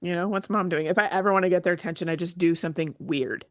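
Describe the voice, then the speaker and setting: A woman's voice: fairly low pitch, very fast, no room sound, clean studio sound. A mother and guest on a talk podcast, chatting casually and acting out her own family moments. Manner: animated storyteller, acts out family talk. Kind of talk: casual chat.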